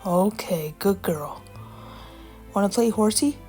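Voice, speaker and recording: A woman's voice: medium pitch, slow, dark tone, soft background music, lightly acted. A woman voicing a firm, scolding father in a children's story. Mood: gentle. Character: stern strict father, patient but firm.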